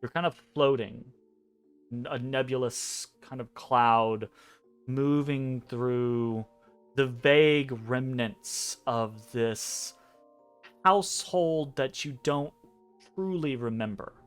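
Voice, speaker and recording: A man acting as game master of a tabletop game narrates a dream scene, measured and hesitant, pausing between phrases. His mid-range voice has a clean tone, with soft music behind.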